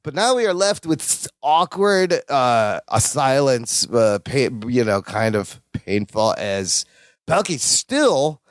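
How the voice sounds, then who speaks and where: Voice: mid-range voice, big pitch swings, slow, dry recording, studio quality. A podcast co-host casually retelling a sitcom episode, laughing often and acting out lines. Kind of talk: casual episode recap chat.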